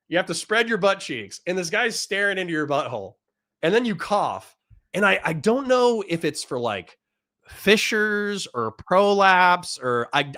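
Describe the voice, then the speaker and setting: Male Marine veteran with a fairly high voice, casual and profane, rambles through stories with frequent laughs. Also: a bit bright. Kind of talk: casual storytelling.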